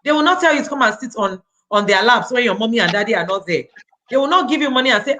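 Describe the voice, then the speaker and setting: A woman in her thirties with a Nigerian accent talks as an author at a virtual book event. She speaks earnestly and with animation, her voice bright and forward, sprinkling her talk with Nigerian interjections. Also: fairly high pitch, expressive, quick pace, slight background noise, rough recording.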